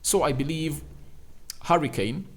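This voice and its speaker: This man's voice runs somewhat high and his pace is a little slow. He hosts a fan channel, delivering opinionated football commentary full of emphatic rhetorical questions and phrases he keeps repeating.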